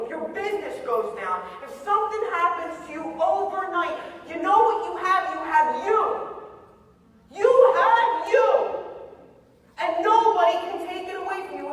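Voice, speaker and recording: A woman giving an impassioned motivational talk on stage, emphatic and swinging between loud and quiet. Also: very high-pitched, normal speed, few pauses. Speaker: motivational speaker. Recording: echoey hall, distant mic.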